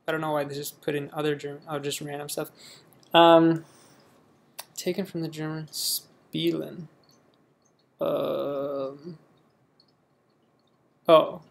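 A man's voice: on the high side, vocal fry. A young man from the United States casually reading a word list aloud and reacting offhandedly in a vlog. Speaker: vlogger.

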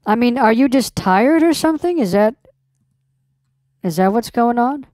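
Scherpe, eisende vrouw aan de telefoon. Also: female voice, fairly high pitch, lively intonation, normal speed, darkish tone, no room sound, studio quality. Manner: confrontational, demanding, swears. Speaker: scam baiter posing as a customer. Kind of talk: prank phone call.

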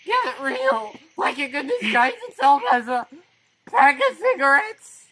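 A young woman playing a panicky, disbelieving youth with shrill, incredulous outbursts. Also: sing-song, measured pace. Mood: panicked. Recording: distant mic with clear noise.

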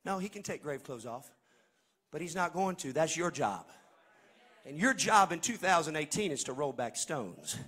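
A man delivering a sermon from the pulpit, his voice pitched high and edged with a husky grain. He rises into shouted, half-sung phrases, then sinks into quiet, conversational asides. The tone stays bright and forceful throughout. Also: animated, moderate pace. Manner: swings between shouted, sing-song preaching and hushed, conversational asides. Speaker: pastor.

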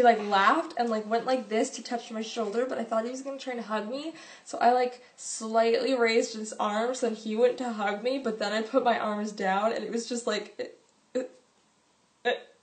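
A teenage girl telling a story to her viewers in a chatty vlog, full of "like" and "um" and quick giggles. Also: on the high side. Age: teens. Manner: chatty, filler-heavy, giggly. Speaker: vlogger.

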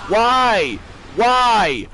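A man playing a shooter game with a friend, swearing constantly and yelling at enemies. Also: high voice, big pitch swings, drawn-out words, creaky, noisy background. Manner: explosive, swearing, yells at enemies. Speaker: gamer streaming with a friend. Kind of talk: profane gameplay rant.

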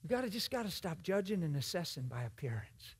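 A man preaching a sermon in a church, folksy and emphatic, swinging from loud exhortation to hushed asides. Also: sits high, very animated, a little fast, slightly rough.

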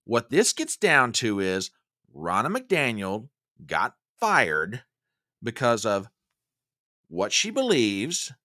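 A man's voice: mid-range voice, pushed and bright, dry recording, clean studio sound. A man hosting an opinion show, delivering pointed, combative commentary with emphatic repetition. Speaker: host.

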